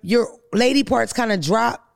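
A woman's voice: a little high, normal speed, vocal fry. A woman comedian hosting a podcast, chatting casually with blunt, profane storytelling.

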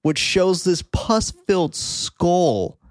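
A man hosting a podcast, recapping a horror film in a casual, profane, animated way. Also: high-pitched, drawn-out words, no echo, studio quality. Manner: animated, profane, laughing often. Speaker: podcast host.

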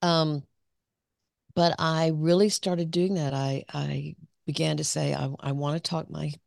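Gravelly woman telling her story. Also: low voice, level tone, measured pace, darkish tone, dry recording, clean studio sound. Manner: reflective, self-revealing, laughs often. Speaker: clinical psychologist, podcast guest. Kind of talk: candid personal storytelling.

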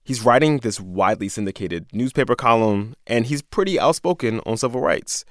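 A man's voice: medium pitch, expressive, fairly quick, no room sound, clean studio sound. A man co-hosting a podcast, telling a history story in a casual, jokey way and laughing often. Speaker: podcast co-host.

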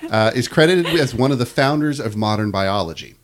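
A man's voice: mid-range voice, expressive, fairly quick. A man hosting a casual podcast, reading a story from notes and laughing often. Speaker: podcast host.

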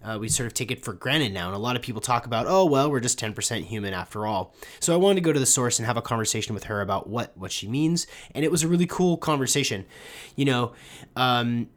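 A male podcast host with a summer cold talks at a middle pitch in a loose, rambling way. He circles back, restarts sentences and fills pauses as he introduces a guest and chats with her. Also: expressive. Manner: rambling, with many restarts and fillers. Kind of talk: casual podcast intro and interview.

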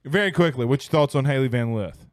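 A man's voice: medium pitch, fast. A man hosting a casual sports talk stream, joking and laughing easily. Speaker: sports show host.

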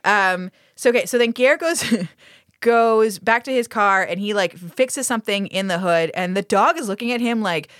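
A woman's voice: on the high side, normal speed, dry recording, clean studio sound. A woman co-hosting a podcast, recapping a TV episode in casual chat full of swearing, fillers and laughter. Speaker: podcast co-host.

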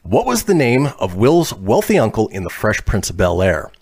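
A man's voice: on the low side, huge pitch swings, moderate pace, a crowd in the background. A man hosting a casual trivia podcast, reading multiple-choice questions and laughing often. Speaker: quiz host.

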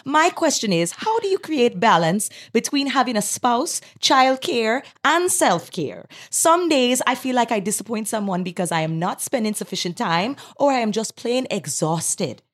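A woman's voice: a little high, sing-song, normal speed, few pauses, voice pushed up. A woman putting on a general Caribbean accent to voice an island mother, reading her letter in a sing-song way. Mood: earnest.

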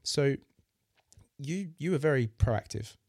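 A man's voice: medium pitch, expressive, slow pace, gravelly, a little mellow, no echo, clean studio sound. A man hosting a podcast, talking supportively with his guest and repeating words as he gathers his thoughts. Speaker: podcast host. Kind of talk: casual interview chat.

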